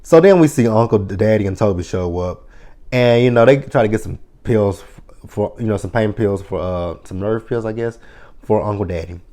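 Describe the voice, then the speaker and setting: A man's voice: lowish voice, normal speed, dark tone. A man in his thirties casually recapping a TV episode, chatty and profane, laughing often. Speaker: TV episode reviewer.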